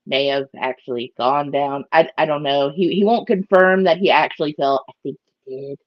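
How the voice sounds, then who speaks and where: A woman's voice: deep voice, normal speed, no echo, highs cut off. A chatty woman hosts a casual morning live stream and greets her viewers by name. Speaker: aquarium live-stream host.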